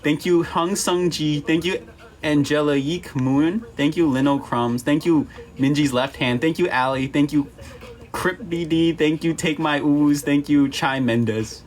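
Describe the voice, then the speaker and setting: A man's voice: a little high, a little slow. A young man chatting casually to his viewers on a livestream, rambling, playful and swearing freely. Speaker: livestream host.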